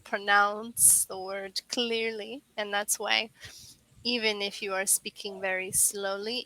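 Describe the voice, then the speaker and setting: Slow, creaky, bright-voiced woman tutor. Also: medium pitch, little pitch movement, a little hiss or hum, rough recording. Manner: patient, slow and clear, checks with "right?". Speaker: English tutor. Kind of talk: online English lesson. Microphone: video call.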